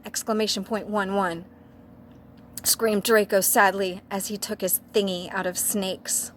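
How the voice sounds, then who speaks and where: A woman's voice: mid-range voice, fairly even intonation, a little slow, a bit bright, a little hiss or hum. A woman doing a comic dramatic reading of fan fiction aloud, with mock drama and wry asides. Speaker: guest reader.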